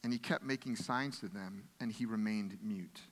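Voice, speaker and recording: A man's voice: lowish voice, moderate pace, long reverb tail. A pastor preaching a sermon in an earnest, conversational way, often restarting his phrases.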